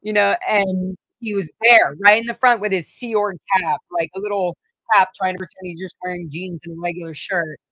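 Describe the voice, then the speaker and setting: A woman's voice: fairly low pitch, fairly even intonation, brisk, a bit bright, no echo, low-quality recording. A woman hosting her own vlog, telling a personal story in a rambling, emotional way with many fillers and restarts. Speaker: vlog host.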